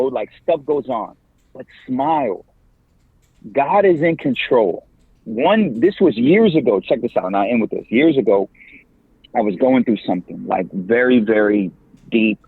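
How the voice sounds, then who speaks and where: Lively slangy man on a tinny line. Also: on the low side, normal speed, slightly rough, no room sound. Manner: lively, slangy, laughs often. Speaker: podcast guest, campus minister and evangelist. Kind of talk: casual interview talk. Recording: tinny phone-like line, dry.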